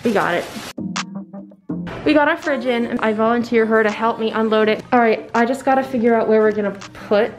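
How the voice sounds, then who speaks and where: A woman's voice: on the high side, fairly quick. A young woman, a college freshman, chatting casually and enthusiastically as she vlogs unpacking in her dorm room, often saying "literally" and "like.". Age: young adult. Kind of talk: casual vlog narration. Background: music playing in the room.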